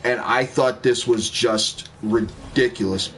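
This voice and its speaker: A man's voice: mid-range voice, a little slow, fairly bright tone, faint music behind. A man casually telling a rambling story while gaming, laid-back and swearing freely. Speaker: gaming streamer.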